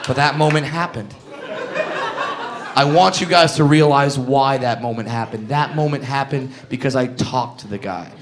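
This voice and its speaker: A man's voice: medium pitch, normal speed, a crowd in the background. A man doing a crude, brash stand-up comedy set on a stage, acting out bits of dialogue. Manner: brash, crude, builds jokes with acted-out dialogue. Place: comedy stage with live audience.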